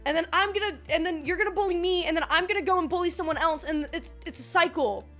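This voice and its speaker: A woman's voice: extremely high pitch, fast talker, fairly bright tone, soft background music. A woman streamer chatting casually while reacting to a video, playful, swearing and laughing a lot.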